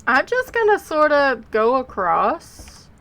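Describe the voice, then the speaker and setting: A woman's voice: high-pitched, huge pitch swings, takes it slowly, fairly bright tone, low-quality recording. Sleepy, chatty woman streamer. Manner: chatty, rambling, sleepy and yawning. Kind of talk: casual live gameplay commentary.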